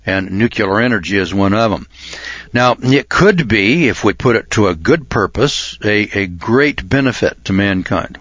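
A man giving an insistent speech, often clearing his throat and restarting his sentences. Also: fairly low pitch, fairly bright tone, no room sound. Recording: dull lo-fi recording.

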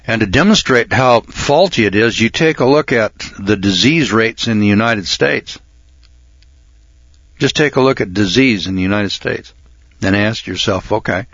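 Low-voiced man clearing his throat. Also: fairly bright tone, no room sound. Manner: clears throat often, halting restarts, insistent. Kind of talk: speech. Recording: dull lo-fi recording.

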